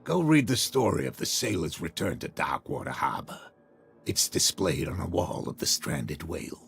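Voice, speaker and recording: An actor playing a gruff, dismissive harbor-town man in a game, speaking slowly in a gravelly voice. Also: deep voice, sing-song, fairly bright tone, full character voice. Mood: curt.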